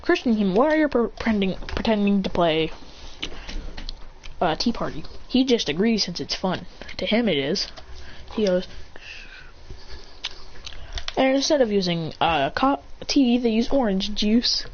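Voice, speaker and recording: A woman's voice: medium pitch, expressive, a little slow, pauses often. A woman telling an improvised story in a rambling way, with many fillers and restarts. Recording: dull lo-fi recording with faint noise.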